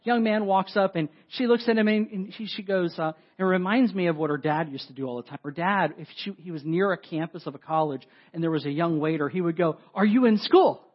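A pastor preaches in a high, bright voice, spinning a story with animated, self-deprecating asides to his congregation. The recording is dull and lo-fi, as if from an older sound system. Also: a little fast, few pauses. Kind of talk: sermon storytelling. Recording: dull lo-fi audio.

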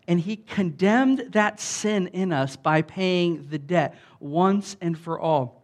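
A man preaches with animated emphasis, his voice sitting on the high side for a man. He shifts between punchy lines and chatty asides to the room. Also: takes it slowly. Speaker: pastor. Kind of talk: sermon.

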